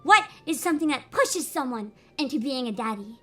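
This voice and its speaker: Cast: giggly woman streamer host, very high bright voice, lively pitch, soft music behind. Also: fairly quick. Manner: giggly, chatty, bubbly. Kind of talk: casual live-stream chat.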